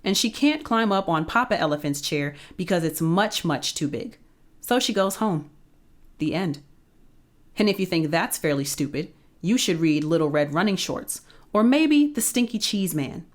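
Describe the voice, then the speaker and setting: A woman's voice: lowish voice, lively intonation, normal speed. Playful woman reading a storybook aloud. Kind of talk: reading a children's book aloud.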